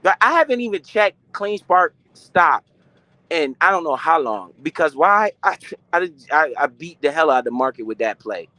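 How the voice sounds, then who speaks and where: Speaking at a moderate pace, a young finance streamer with a high voice keeps things slangy, casual and profane. He poses his own questions and answers them with animation, recorded dry and close without any room echo.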